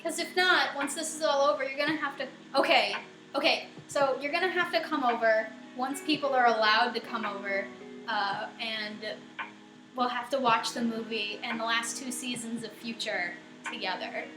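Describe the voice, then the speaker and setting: A woman's voice: fairly high pitch, moderate pace. Giggly young woman streaming from her kitchen. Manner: giggly, laughs often. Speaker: live streamer. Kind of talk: casual live-stream chat answering viewers. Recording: roomy echo with faint music.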